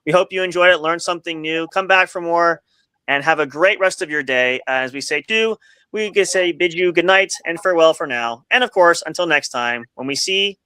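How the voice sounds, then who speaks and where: A man's voice: fairly high pitch, brisk, sharp tone, clean tone, dry recording. A man co-hosting a podcast, signing off in an upbeat, rambling, promotional way over a video call. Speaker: podcast co-host. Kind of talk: casual chat and show sign-off.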